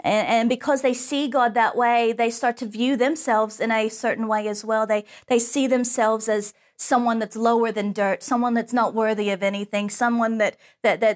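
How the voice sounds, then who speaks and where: A woman preaching a sermon, telling a personal story in an earnest, storytelling way. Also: on the high side.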